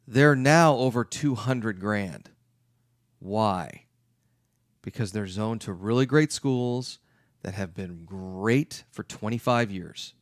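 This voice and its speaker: A middle-aged man giving an emphatic, lively talk as a real estate investment educator. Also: lowish voice, slow, no echo, clean studio sound. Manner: emphatic, acts out his clients' questions.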